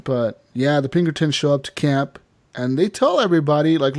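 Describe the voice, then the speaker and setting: A man co-hosting a gaming podcast, talking fast and loose as he recaps a story and slips into quick voices for the characters. His voice sits a little higher than most men's, and he swears freely as he gets carried away. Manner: animated storyteller, acts out characters' lines. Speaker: podcast co-host. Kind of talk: casual profane game recap chat.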